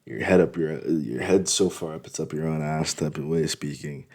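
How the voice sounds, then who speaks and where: A man's voice: very deep voice, normal speed, darkish tone, husky. A man in a blunt, rambling, profane casual monologue for his vlog. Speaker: vlogger.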